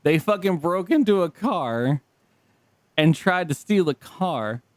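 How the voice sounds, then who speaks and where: A man co-hosting a podcast in casual banter, excitable, laughing often and swearing freely. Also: high voice, slow, dry recording. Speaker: podcast co-host.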